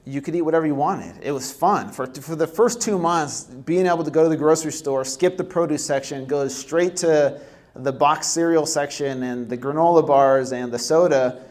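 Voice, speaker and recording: A man's voice: a little high, moderate pace, darkish tone. A young man speaking to a workshop audience. His delivery is casual and loose, full of fillers and restarts. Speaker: presenter at a healthy living workshop. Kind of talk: live presentation talk. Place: workshop room.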